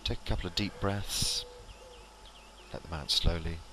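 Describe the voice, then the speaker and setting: A man leading a qigong exercise class, calmly cueing each movement and breath step by step. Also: sits low, moderate pace, noisy background. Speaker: qigong instructor. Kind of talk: guided exercise instruction.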